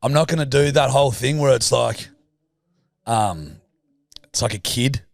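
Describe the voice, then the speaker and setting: A man's voice: mid-range voice, expressive, measured pace, vocal fry, dry recording, clean studio sound. Laid-back man spinning a yarn. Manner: swearing, storytelling, laughs often. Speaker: podcast co-host. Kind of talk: casual chat.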